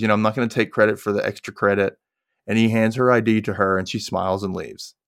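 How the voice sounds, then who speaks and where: With a lowish voice and clean, echo-free studio sound, this podcast co-host chats through a TV episode recap. He's animated and jokey, laughs a lot, and imitates characters with put-on voices when quoting them.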